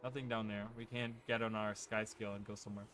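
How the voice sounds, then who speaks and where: This gaming channel host talks fast in a fairly low, slightly bright voice with a level tone, and a little hiss or hum can be heard. He rambles through a casual let's-play into a desk microphone over game music, leaning on fillers and rhetorical "right?" checks.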